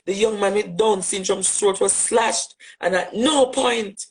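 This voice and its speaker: A man with a Jamaican accent, giving an impassioned direct address as a social media commentator, forceful and rhetorical, repeating phrases for emphasis. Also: sits high, a little slow, creaky, rough recording.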